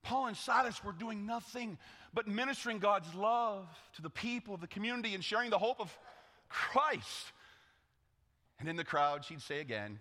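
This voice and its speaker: A pastor preaching with a lively, swinging voice, asking the congregation to answer back as he tells the story. His tone is bright and forceful, and the sound carries through a long, echoey hall. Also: high-pitched, moderate pace. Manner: dramatic storytelling with call-and-response. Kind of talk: sermon.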